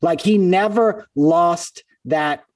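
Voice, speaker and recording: A man, a comedian and guest, telling quick, animated backstage stories in a casual interview. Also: high-pitched, no room sound, recorded from a distance. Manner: animated storyteller, quick asides. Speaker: comedian and podcast host, guest. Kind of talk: casual phone-in interview storytelling.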